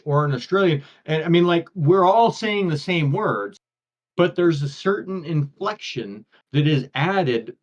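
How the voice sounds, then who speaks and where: An American man co-hosting a livestream in casual chat, rambling with lots of restarts and filler words. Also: fairly high pitch. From United States. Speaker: co-host of a blacksmithing livestream. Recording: dull lo-fi livestream audio.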